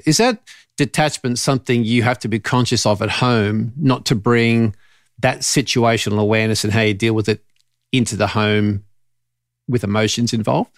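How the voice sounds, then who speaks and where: A man's voice: mid-range voice, no echo, studio quality. A man hosting an interview, asking long, thoughtful, winding questions. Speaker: podcast host.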